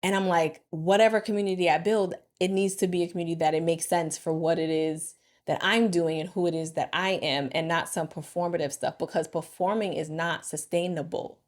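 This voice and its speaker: A woman vlogger and marriage coach talking casually and reflectively to camera, expressive and thinking aloud. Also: fairly low pitch, fairly quick.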